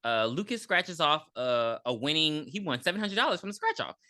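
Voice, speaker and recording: A woman's voice: low-pitched, sing-song, a little fast, sharp tone. A woman co-hosting a podcast, chatting and joking her way through a movie recap. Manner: chatty and joking, with many restarts. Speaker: podcast co-host. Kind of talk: casual movie recap chat.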